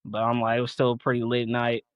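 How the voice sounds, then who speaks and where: A relaxed young man recalls old nights with friends, chuckling as he goes. His voice is in a middle range and sits close and dry on the mic. He talks in a loose, easygoing way. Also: medium pitch, fast, no room sound, dull audio. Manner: laid-back, laughs through his stories. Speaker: podcast guest. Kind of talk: casual storytelling chat.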